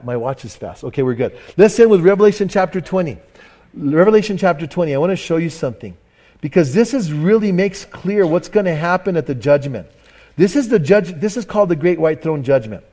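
Pastor guy preaching at church, kinda high voice, animated, laughs at himself, lots of restarts. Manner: animated storytelling, self-mocking, frequent restarts. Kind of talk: sermon with anecdote. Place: church service.

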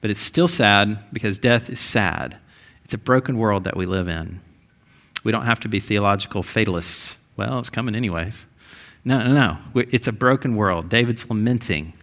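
A man's voice: on the low side, moderate pace, a bit bright. A male pastor giving a conversational sermon, with frequent restarts and rising, emphatic stretches.

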